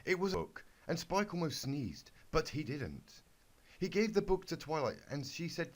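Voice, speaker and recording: A young man giving a halting, deadpan comedic reading of a bad fanfic. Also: fairly high pitch. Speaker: YouTuber reading fanfic aloud. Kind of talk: mock-serious comedic reading.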